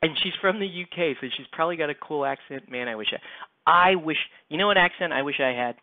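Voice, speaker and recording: Painting a miniature live, a slightly high-voiced American man talks quickly, rambling and joking casually with his viewers. The tinny, lo-fi sound comes from a close, dry mic with no echo.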